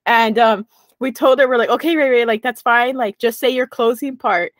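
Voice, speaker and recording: Giggly young woman, bright and dry. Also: a little high, fairly even intonation, normal speed, dry recording. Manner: giggly, rambling storyteller. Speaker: podcast co-host. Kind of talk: casual chat.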